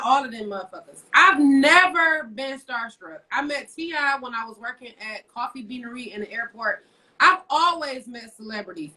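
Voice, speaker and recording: A woman's voice: high voice, pushed and bright, distant mic, poor audio. A woman co-hosting a casual live stream, telling stories in a blunt, profane rant. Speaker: co-host. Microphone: phone livestream.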